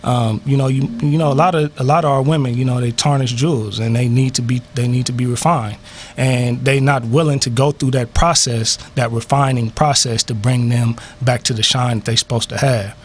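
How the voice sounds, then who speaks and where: A man's voice: mid-range voice, fairly even intonation, fairly quick. A man co-hosting a talk radio show, telling a story in a laid-back, slangy way and acting out voices. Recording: faint background noise.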